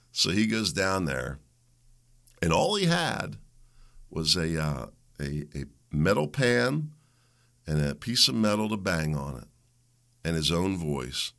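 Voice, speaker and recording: A middle-aged man, hosting a solo show and ranting in a heated, combative way that climbs into shouts. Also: low-pitched, very animated, slow, creaky, pauses often. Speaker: podcast host. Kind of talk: opinionated solo monologue.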